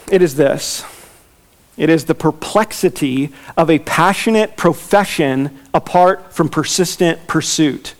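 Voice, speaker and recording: A man preaching an expository sermon, emphatic and repeating his key lines. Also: fairly high pitch. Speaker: pastor.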